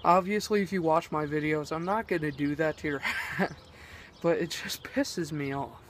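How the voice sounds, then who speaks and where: A man's voice: fairly high pitch, moderate pace, background noise. A teenage boy vlogging, rambling and exasperated as he rants, swearing often. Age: teens. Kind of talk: ranting vlog.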